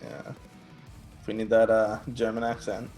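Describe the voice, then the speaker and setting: Man, tabletop player, low voice, hesitant, lots of fillers. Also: completely flat delivery, moderate pace, a little mellow, faint music behind. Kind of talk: casual tabletop game talk.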